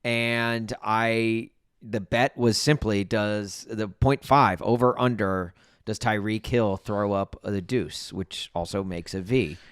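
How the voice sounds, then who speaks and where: A man's voice: fairly low pitch, fairly even intonation, slow pace, a bit bright, clean tone, dry recording, clean studio sound. A man co-hosting a comedy podcast who tells stories with animation and laughs often. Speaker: podcast co-host. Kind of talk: casual comedic podcast chat.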